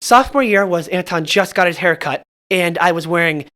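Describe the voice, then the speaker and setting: A young man from Southern California with a bright, tense edge to his voice, chatting casually on a podcast. He stumbles through constant restarts and pokes fun at himself as he tells his stories. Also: high voice. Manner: halting, full of restarts, self-mocking. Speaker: podcast storyteller.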